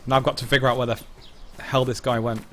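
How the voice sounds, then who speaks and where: A man's voice: medium pitch, flat delivery, fast, sharp tone, a little hiss or hum. A man streaming a game live, explaining mechanics bluntly and swearing casually as he plays. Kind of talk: live gameplay commentary.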